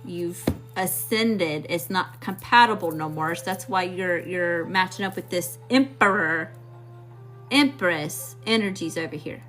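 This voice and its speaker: A woman's voice: on the low side, unhurried, fairly bright tone, faint music behind. A woman from Mississippi with a Southern accent, giving a blunt, slangy live tarot reading straight to her viewers. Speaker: tarot reader.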